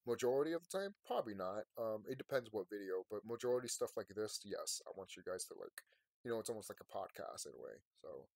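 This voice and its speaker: A man's voice: lowish voice, sing-song, fast talker, gravelly, dry recording. Man ranting in a late-night vlog. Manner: rambling, swings from quiet and tired to loud and ranting. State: sleepy, yawning. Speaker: vlogger. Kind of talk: late-night emotional monologue to viewers.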